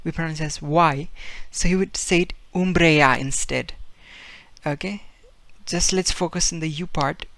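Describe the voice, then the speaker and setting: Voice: medium pitch, steady tone, measured pace, creaky, a bit bright, no echo. A language teacher giving a casual video lesson, patiently repeating each word several times to demonstrate its sound, with a loose delivery full of fillers and restarts.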